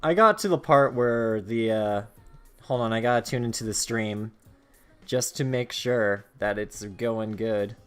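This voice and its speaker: A man's voice: lowish voice, a little slow, smooth, faint music behind. A man hosting a game stream, chatting casually and laughing often over online voice chat. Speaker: stream host.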